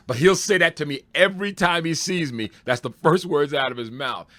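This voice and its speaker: A man, a stand-up comedian, telling road stories in a loose, excitable way, laughing and swearing as he goes. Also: a little high, brisk. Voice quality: excitable, swears freely, laughs through punchlines. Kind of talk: animated storytelling.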